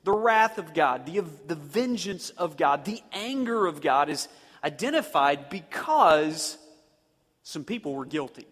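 A man preaching a sermon as pastor, with dynamic delivery that slows down to punch key words. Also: fairly high pitch, animated, a bit bright, breathy edge. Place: church sanctuary. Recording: long reverb of a church hall.

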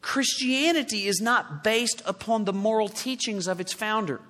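A man preaching a sermon, forceful, with loud emphatic peaks and quiet low asides. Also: moderate pace, big-room sound.

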